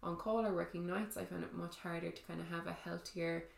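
A woman co-hosting a podcast in casual chat, agreeable and quick to laugh. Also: lowish voice, steady tone, gravelly. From Ireland. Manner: chatty, agreeable, laughs often. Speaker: podcast co-host. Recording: echoey room.

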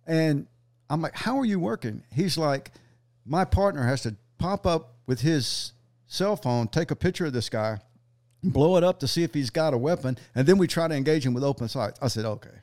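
A man's voice: fairly high pitch, lively intonation, normal speed, a little mellow. A man telling earnest war stories on a casual podcast, swearing freely. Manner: earnest, swears freely, acts out quoted dialogue. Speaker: sniper instructor guest.

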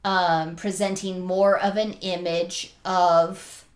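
A woman's voice: fairly low pitch, level tone, takes it slowly. A woman co-hosting a casual podcast, talking through a book thoughtfully and analytically, with frequent ums. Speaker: podcast co-host.

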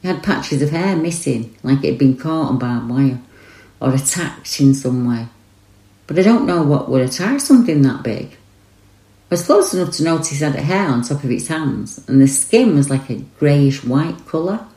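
A woman voicing a shaken eyewitness who retells a forest encounter in the first person, earnest and rushed. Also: low voice, expressive, dark tone, echoey room, low-quality recording.

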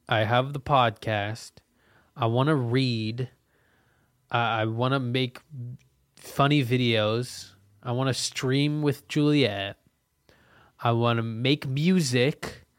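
A man's voice: medium pitch, no room sound. Young male podcast host, rambling, profane, casual solo monologue, dry close sound. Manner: rambling and profane, frequent fillers; frustrated venting. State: cold and soaked.

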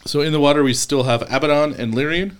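A man running a tabletop game as game master, narrating in a relaxed, conversational way. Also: on the high side, quick pace.

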